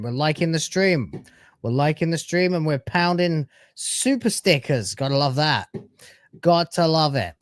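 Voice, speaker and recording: A man's voice: mid-range voice, no echo, clean studio sound. A man hosting a live stream, chatting casually with brash, sarcastic, crude banter.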